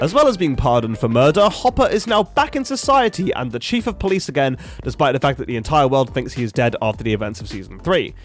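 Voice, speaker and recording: A man's voice: mid-range voice, very animated, fast talker, few pauses, soft background music. A young man reviewing a TV finale in a sarcastic, swearing rant. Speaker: YouTube reviewer. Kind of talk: ranting TV review commentary.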